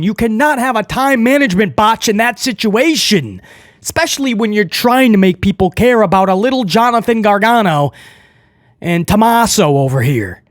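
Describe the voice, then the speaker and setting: A man's voice: high-pitched, lively intonation, moderate pace, no room sound, clean studio sound. A man reviewing a wrestling show, ranting with frustration in an emphatic, opinionated way.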